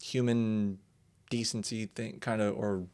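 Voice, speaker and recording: A young man hosting a podcast in casual chat, animated and swearing freely, acting out quotes in raised voices. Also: lowish voice, slow, clean tone. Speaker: podcast host.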